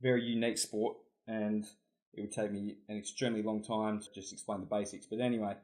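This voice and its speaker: A man's voice: fairly low pitch, little pitch movement, brisk, darkish tone. A man with an Australian accent, a podcast guest chatting in a rambling, easygoing way. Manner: easygoing, rambling, laughs often. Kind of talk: casual chat.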